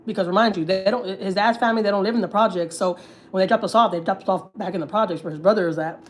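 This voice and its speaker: A woman's voice: medium pitch, racing, a little hiss or hum. A woman, chatting casually and swearing freely as host of a gossip livestream, often repeating herself. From Houston, Texas.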